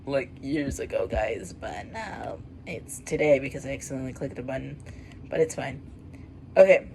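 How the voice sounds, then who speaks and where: Low-voiced young woman vlogger. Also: a little mellow, a little hiss or hum, rough recording. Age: 20s. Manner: rambling, filler-heavy, self-mocking. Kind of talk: casual reading of her old writing.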